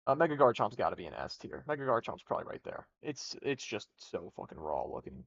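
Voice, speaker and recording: A young man streams live in dull lo-fi audio, his gravelly, medium-pitched voice very animated and fairly quick. He rambles casually through rankings, restarting and swearing as he goes.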